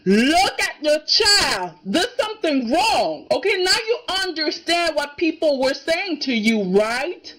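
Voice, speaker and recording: A woman's voice: high voice, big pitch swings, slow pace, few pauses, a bit bright, slight background noise. A woman giving a casual, indignant reaction review of a soap opera, emphatic and keeps asking "okay?".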